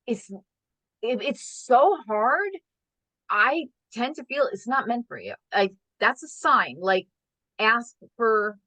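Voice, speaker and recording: A woman interviewer with a bright, clear tone and a pitch that bounces up and down. She talks in a loose, chatty way, leaning on "like" as she poses open questions, and the recording sounds dry and close. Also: no room sound, low-quality recording. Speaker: host and business coach. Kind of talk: casual interview chat.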